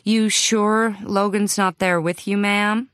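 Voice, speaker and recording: A woman voicing a blunt, impatient American male boss on the phone, talking in a folksy, gruff way. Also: high voice, level tone, takes it slowly, a bit bright, no echo, studio quality, voice pushed up. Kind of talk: audiobook character voice.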